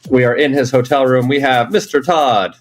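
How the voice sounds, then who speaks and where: A man's voice: medium pitch, fairly even intonation, normal speed. A man hosting a podcast, talking in a loose, joking way with plenty of fillers, recorded in a hotel room. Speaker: podcast host. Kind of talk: casual chat.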